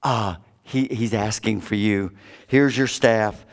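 A man's voice: on the low side, voice pushed down. A man voicing flustered townspeople who stammer and hurry their words. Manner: stammering, hurried.

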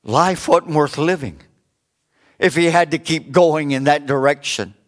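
A middle-aged man preaching a sermon, rising for emphasis and dropping low for joking asides. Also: measured pace. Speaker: pastor.

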